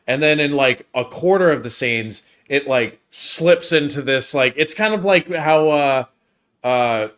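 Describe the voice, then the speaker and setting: A man's voice: fairly high pitch, measured pace, a bit bright, clean tone. A man co-hosting a casual film review chat who rambles with many fillers. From United States.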